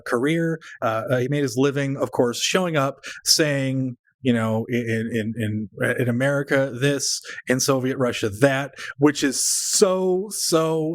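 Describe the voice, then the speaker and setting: A man's voice: mid-range voice, dry recording, clean studio sound. A man in his forties co-hosting a podcast in casual comedic chat, joking and laughing often. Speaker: podcast co-host.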